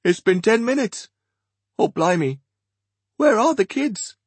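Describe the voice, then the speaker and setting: A man's voice: sits high, animated, unhurried, slightly rough, no room sound, voice pushed up, exaggerated voice. A man voicing a hearty, blustering middle-aged Englishman. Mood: alarmed.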